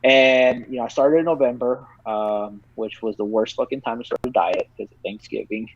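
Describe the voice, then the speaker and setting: A man's voice: mid-range voice, normal speed. A man in his thirties from Texas, a podcast guest telling a long story in casual chat and swearing freely as he rambles along. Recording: dry, slightly dull lo-fi sound.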